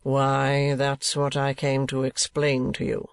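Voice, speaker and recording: A man voicing a pompous, penny-pinching older male rate collector, slow and fussy in his talk. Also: medium pitch, monotone, gravelly, clear, resonant tone, no room sound. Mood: anxious.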